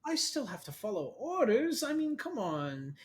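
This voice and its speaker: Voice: mid-range voice, sing-song, moderate pace, breathy edge, pitched above the performer's own voice. A game master voicing a mocking, sadistic male villain who taunts the hero in a tabletop game, with a sing-song, sneering delivery. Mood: cruel. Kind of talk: tabletop role-play.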